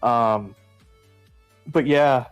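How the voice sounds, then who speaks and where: A man speaking as a guest on a live stream panel, hesitant and halting in casual chat. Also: mid-range voice, smooth, no echo, faint music behind. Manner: hesitant, halting, many restarts.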